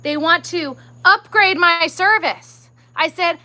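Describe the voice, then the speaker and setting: A woman's voice: very high-pitched, takes it slowly, sharp tone, rough recording. A woman hosting a crafting livestream, chatting casually and ranting in exasperation, sometimes muttering under her breath. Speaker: crochet livestream host.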